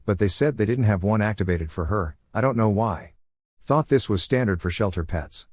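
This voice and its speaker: A man narrates a first-person story in a low, steady voice. His delivery is even and measured. The sound is dry and close, with no room around it. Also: no room sound. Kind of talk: reading a Reddit story aloud.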